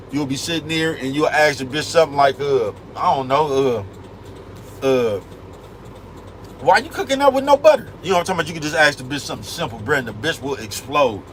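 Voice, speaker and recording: In a poorly recorded clip with some hiss or hum, a man with a medium-pitched, slightly bright voice rants casually on his vlog. He talks in streetwise slang and keeps saying "you know what I'm talking about."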